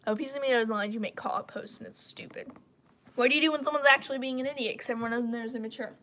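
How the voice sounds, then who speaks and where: A woman's voice: a little high, fairly even intonation, very fast, bright, forceful tone, slight background noise. A woman hosting a casual live stream, talking in a blunt, opinionated, rambling way. Her throat is stuffed up and congested.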